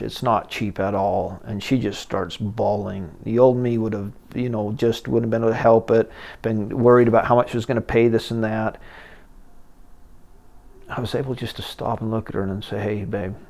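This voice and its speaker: A middle-aged man hosting a podcast, telling candid personal stories in a rambling way that gets animated as he goes. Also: fairly low pitch, moderate pace, creaky. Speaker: podcast host. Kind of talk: personal storytelling monologue.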